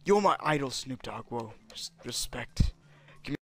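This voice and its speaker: He uses a full character voice, mid-range and gravelly, expressive, a little slow and a bit bright. The game player's parody casts him as a brash, insulting, hot-tempered alien warrior prince who panics and yelps, all for comedic let's-play effect.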